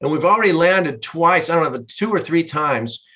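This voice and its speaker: An older man being interviewed as a guest musician, telling a story in a lively way and laughing mid-sentence. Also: on the high side, moderate pace. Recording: dull lo-fi sound.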